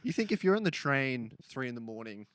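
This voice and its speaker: A man's voice: medium pitch, sing-song, fairly quick, a bit bright, smooth, no echo, clean studio sound. A young man co-hosting a podcast in casual chat, joking and laughing as he talks. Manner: chatty, laughs while joking. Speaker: podcast co-host.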